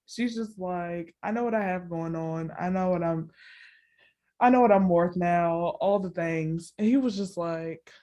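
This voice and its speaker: A woman co-hosting a podcast recaps a reality show in casual, unhurried chat. She tells stories with lots of animation, acting out quotes with big jumps in pitch, laughing often and filling gaps with "like" and "all the things."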